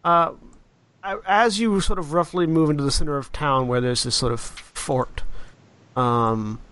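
A man running a tabletop game as game master, describing scenes in an unhurried, descriptive way. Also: a little high, fairly bright tone, clean tone.

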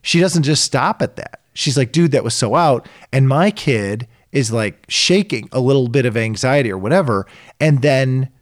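A middle-aged man in a casual podcast chat who tells stories in an animated way and acts out the voices of the people in them. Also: mid-range voice, normal speed, no echo, studio quality. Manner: animated storyteller acting out quoted voices. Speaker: podcast co-host.

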